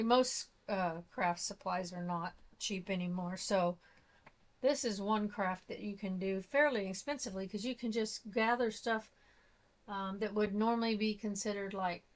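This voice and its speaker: Chatty woman crafter. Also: mid-range voice. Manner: chatty, rambling, thinks aloud. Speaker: craft vlogger. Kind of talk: casual show-and-tell chat.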